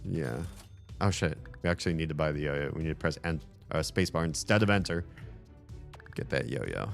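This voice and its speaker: A man with a very low voice talks his way through a video game in a loose, rambling way and curses offhandedly. His voice is getting worn and hoarse, and quiet game music plays faintly underneath. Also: expressive, a little fast. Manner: rambling, swears casually. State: losing his voice. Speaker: gameplay commentator. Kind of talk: casual let's-play commentary.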